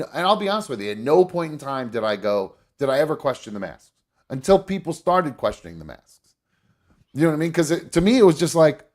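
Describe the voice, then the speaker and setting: A male host chatting casually on a live talk show. His pitch swings widely, lively and animated. He rambles, restarts sentences and swears freely. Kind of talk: casual chat.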